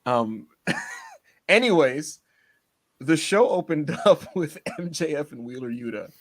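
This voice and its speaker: A man co-hosting a casual podcast, excitable and teasing, laughing often as he talks. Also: fairly high pitch, a little slow. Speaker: podcast co-host.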